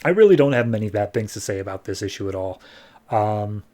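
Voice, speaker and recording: A man hosting a podcast, casually recapping a comic book issue and tossing in quick playful voices for the characters. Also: fairly low pitch, expressive, darkish tone. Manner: retells scenes with quick playful quoted voices. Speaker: podcast host.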